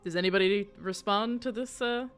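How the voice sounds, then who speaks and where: A woman's voice: mid-range voice, normal speed, smooth, soft background music. A woman narrating a tabletop game as game master, casual and swearing freely.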